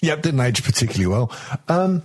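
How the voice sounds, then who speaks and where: A man's voice: mid-range voice, big pitch swings, a little fast, soft background music. A man hosting a comedy podcast in a rambling, sweary way, full of fillers and restarts. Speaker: podcast host. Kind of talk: casual comedy chat.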